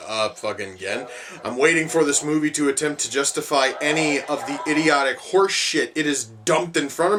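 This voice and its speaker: A man tears into a film in a profanity-laden, exasperated rant, tripping over his words and restarting sentences as he goes. His voice sits a little back from the microphone, at an ordinary middle pitch. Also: a bit bright, far from the mic, slight background noise. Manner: exasperated, swears heavily, rambling with restarts. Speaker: movie reviewer. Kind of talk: profane movie reaction rant.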